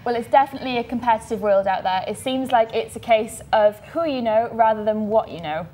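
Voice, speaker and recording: A woman's voice: on the high side, brisk, warm tone, slight background noise. A young woman presenting a student show, reading links and chatting upbeat with her co-host. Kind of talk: scripted presenting and casual chat.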